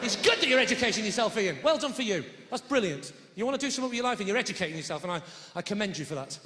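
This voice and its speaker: High, lively male stand-up comic. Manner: quick banter with the audience and frequent tag questions. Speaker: stand-up comedian. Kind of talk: live stand-up comedy. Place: theatre stage before a live audience. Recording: echoey theatre with audience noise.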